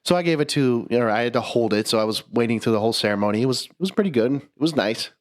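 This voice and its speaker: A young podcast co-host tells a story in casual chat, his medium-pitched voice animated and very fast. He swears freely, laughs mid-sentence, and keeps restarting his words.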